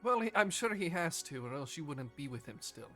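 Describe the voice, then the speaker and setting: A man's voice: on the high side, very animated, brisk, pushed and bright, soft background music. A man voicing a worn-out male noble leader who talks frankly and swears easily, in a tabletop role-play. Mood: weary, frank.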